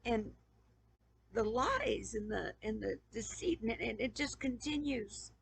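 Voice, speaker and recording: Raspy woman pleading through tears. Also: a little high, takes it slowly, no echo, poor audio. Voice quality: raspy, gravelly. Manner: pleading, repeating questions, stammering. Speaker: YouTuber. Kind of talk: emotional personal appeal to camera.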